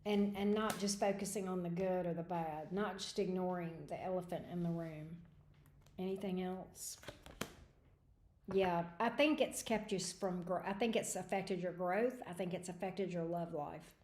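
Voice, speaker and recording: A woman's voice: on the low side, fairly even intonation, moderate pace, a little mellow, reverberant, a little hiss or hum. A woman giving tarot readings on a livestream, thinking aloud in a hesitant, rambling way. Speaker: tarot reader. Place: home room at a desk.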